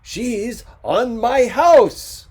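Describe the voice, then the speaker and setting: A man voicing a proud, hot-tempered older man who shouts in outrage. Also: medium pitch, lively intonation, measured pace, slightly rough. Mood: outraged. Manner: shouting, indignant.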